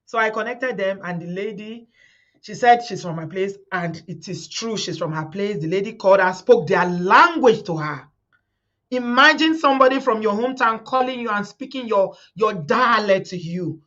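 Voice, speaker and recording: A woman's voice: mid-range voice, expressive, moderate pace, a bit bright, dull audio. A middle-aged Nigerian woman hosting a live stream, talking fervently to her viewers, repeating words and quoting the people she speaks about. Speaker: host of a live community stream.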